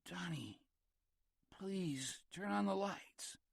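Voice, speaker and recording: A man's voice: high-pitched, extremely slow, gravelly, husky, no room sound, clean studio sound, pitched above the performer's own voice, exaggerated voice. A man voicing a frightened male film star waking from surgery, speaking in a strained, pleading way. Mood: dazed, pleading.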